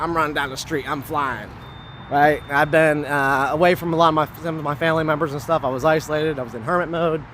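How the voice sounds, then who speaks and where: A man speaks in a somewhat high register, rambling earnestly through a personal story. Soft traffic hums faintly behind him outdoors. He hurries along, leaning on "you know" and "like" as he goes. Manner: hurried, wanting to finish quickly. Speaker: vlogger telling a personal story. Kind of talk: casual spoken recollection.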